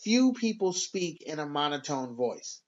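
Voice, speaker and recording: A man giving a scripted sales training narration in an instructive, measured and emphatic way. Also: fairly high pitch, sing-song, highs cut off.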